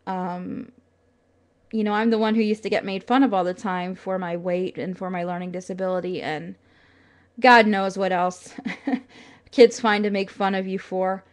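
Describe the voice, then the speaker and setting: A young woman speaking to her camera in an earnest, chatty way. She leans on fillers and small laughs, and sounds close to tears at times. Her pitch sits in a middle range. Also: fairly even intonation, normal speed. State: tearful at times. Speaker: vlogger. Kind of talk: casual talk to camera.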